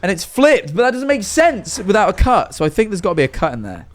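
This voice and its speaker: A man's voice: sits high, big pitch swings, fast talker. A man livestreaming and reacting to videos, rambling with lots of fillers, getting worked up and then sheepish. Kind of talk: casual live-stream commentary.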